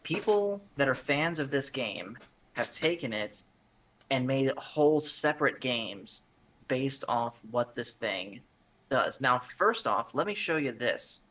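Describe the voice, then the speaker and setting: A man's voice: mid-range voice, takes it slowly. A man chatting casually on a livestream, explaining what he does in the game as he plays. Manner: relaxed, explains gameplay. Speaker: streamer playing the game.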